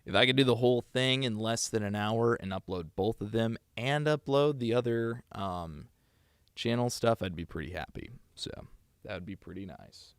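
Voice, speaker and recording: A man's voice: on the low side, moderate pace, smooth, dry recording, studio quality. A man streaming live, greeting his chat with playful, joking banter. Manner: playful, joking, goofy asides. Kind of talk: casual livestream chat.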